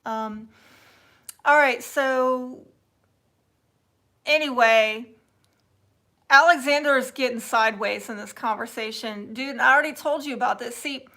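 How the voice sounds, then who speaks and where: A woman's voice: fairly high pitch, unhurried, long pauses. A woman with a Southern accent from Texas, hosting a casual livestream, reading viewer comments aloud and answering them in a chatty, teasing way with frequent laughter. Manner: chatty and teasing, laughs often, drops to soft asides. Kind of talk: casual live chat.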